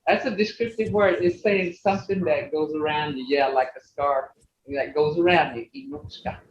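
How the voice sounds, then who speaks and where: Over a video call, a language teacher with a mid-range voice leads an online lesson at a moderate pace, patiently repeating words and making sure the class keeps up. The audio is echoey and muffled, with a bit of hiss or hum.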